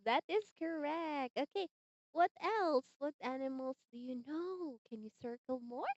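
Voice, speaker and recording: A young woman teaching English online to a child, slow, sing-song and encouraging, on a dull lo-fi call mic. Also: high-pitched, no room sound. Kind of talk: demo lesson for a young learner. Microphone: computer mic on a video-call platform. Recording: dull, dry lo-fi call audio.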